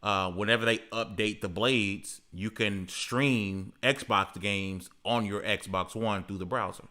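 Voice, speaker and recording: Bright-voiced man hosting a casual panel. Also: lowish voice, steady tone, takes it slowly.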